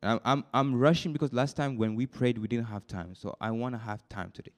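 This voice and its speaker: A young man preaching a sermon to a youth group, dropping to a soft confiding tone and then climbing into high, excited bursts, often repeating words and restarting sentences. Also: a little fast.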